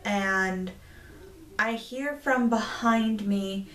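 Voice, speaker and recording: A woman's voice: mid-range voice, very slow, a bit bright, reverberant, far from the mic. A woman in her twenties telling a story to camera, indignant and rambling, with many fillers. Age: 20s. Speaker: vlogger. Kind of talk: storytime vlog.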